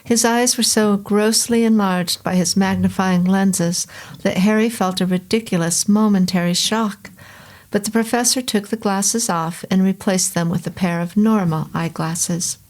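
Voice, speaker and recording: A woman reading a vintage horror novel aloud as narrator, in a steady, unhurried storytelling manner. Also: mid-range voice. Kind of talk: scripted audiobook narration.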